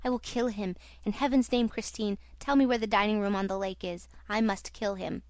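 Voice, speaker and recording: A woman's voice: medium pitch, fairly even intonation, brisk, a little mellow, dry recording, close to an everyday voice. Female reader playing an angry, desperate young aristocrat in an audiobook. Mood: furious. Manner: fierce, urgent. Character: young nobleman, furious and desperate.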